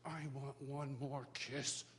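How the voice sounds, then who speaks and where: A man quoting a tender, soft-spoken old father. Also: sits high, moderate pace. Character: loving older father on a hospital stretcher. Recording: live hall reverb, faint background noise.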